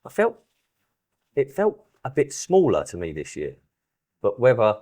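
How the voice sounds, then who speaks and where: A man, chatting casually on a podcast and acting out stories with lively retellings. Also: mid-range voice, unhurried. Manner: animated storyteller who acts out quoted exchanges. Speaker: podcast host. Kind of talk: casual chat.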